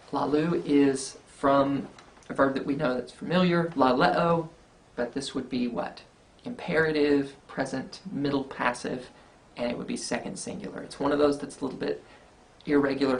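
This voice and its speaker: Gravelly man lecturing over slides. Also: mid-range voice. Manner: explanatory, thinking aloud with fillers and rhetorical questions. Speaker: Greek teacher.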